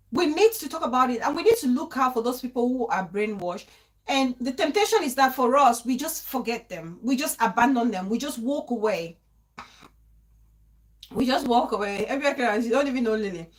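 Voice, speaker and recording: A lively woman hosts a live-stream talk show and chats through viewer comments. Her voice sits on the high side, with quick laughs and frequent restarts. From Cameroon.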